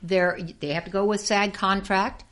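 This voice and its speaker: An older woman, a former actress and dancer, telling lively anecdotes as an interview guest and acting out the people she quotes. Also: mid-range voice, normal speed. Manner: lively storyteller who acts out quoted voices and laughs often. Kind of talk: casual anecdotal storytelling.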